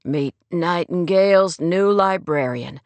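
A woman voicing an earnest young man in love, speaking low, subdued and a little husky. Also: takes it slowly, no room sound. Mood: steady.

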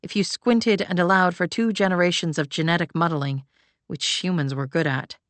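A woman reading fantasy fiction aloud as an audiobook narrator, in an even, measured way. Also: fairly low pitch, no room sound.

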